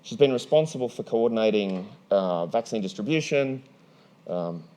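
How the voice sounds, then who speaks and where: A man moderating a conference panel in a large hall, energetic and playful, often restarting his sentences. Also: fairly low pitch, normal speed.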